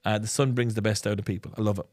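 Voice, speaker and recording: A man's voice: fairly low pitch, steady tone, very fast, a little mellow, no echo, clean studio sound. A man co-hosting a podcast, telling stories with teasing, cheeky humour. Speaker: podcast co-host. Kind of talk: casual chat.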